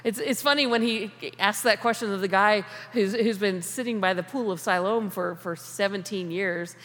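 A woman's voice: mid-range voice, moderate pace, fairly bright tone. A woman giving a conversational sermon on prayer, talking informally, restarting phrases and laughing often. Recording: long reverb of a large hall.

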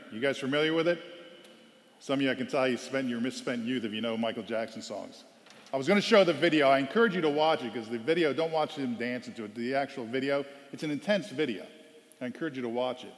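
A man giving a storytelling sermon as a guest speaker, animated and loudly acting out quoted lines. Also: medium pitch. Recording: long hall reverb.

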